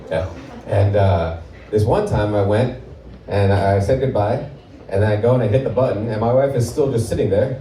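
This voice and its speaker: On a comedy club stage, a Portland, Oregon comedian in his thirties works the live crowd in a low, warm voice, wry and self-deprecating. The sound is roomy and distant, with audience laughter throughout.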